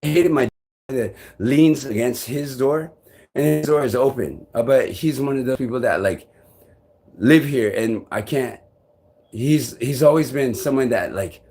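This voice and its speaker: This live-stream vlogger rambles restlessly, curses frequently, and shifts from loud bursts to low muttering. His pace is a little slow, and there's slight hiss or hum.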